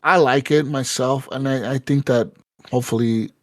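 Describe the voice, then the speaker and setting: A man's voice: medium pitch, steady tone, normal speed, no echo, studio quality. A man co-hosting a casual gaming podcast, telling a rambling, profane story with lots of fillers and acted-out quotes. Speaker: podcast co-host.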